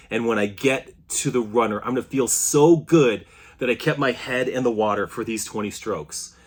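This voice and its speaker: Husky-voiced man telling a story. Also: mid-range voice, moderate pace. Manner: animated, restarts often, acts out his thoughts. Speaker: CrossFit athlete vlogger. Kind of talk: casual storytelling to camera.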